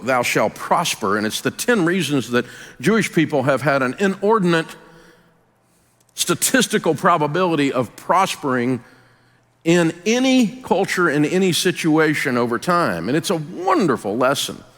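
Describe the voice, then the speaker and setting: A man's voice: a little high, sing-song, normal speed, a bit bright, in a large hall. A man with a Southern US accent hosting a radio show, telling stories in a folksy, emphatic, motivational way. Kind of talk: motivational talk-show monologue.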